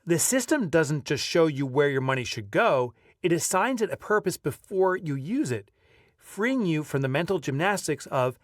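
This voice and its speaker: A man reading his own audiobook aloud, lively as a storyteller and breaking off now and then for casual asides. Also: a little high, normal speed, no echo, studio quality, recorded from a distance. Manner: lively storyteller who breaks off to chat offhand. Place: video recording setup.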